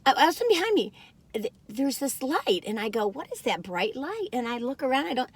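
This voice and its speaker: A woman's voice: sits high, very animated, fairly quick, breathy edge, no echo. A woman in her sixties, chatting in a bubbly, rambling way with many asides as she reviews food. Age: 60s. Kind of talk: casual chatty storytelling.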